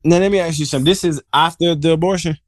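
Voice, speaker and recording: A man's voice: a little high, fairly even intonation, very fast, no echo, studio quality. A man hosting a podcast, talking casually and earnestly, repeating phrases for emphasis. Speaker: podcast host.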